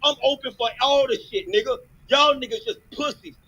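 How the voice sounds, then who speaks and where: A man furiously yelling profane insults in an online audio chat room, speaking into a phone. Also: very high voice, brisk, breathy edge, muffled recording. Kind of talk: heated argument.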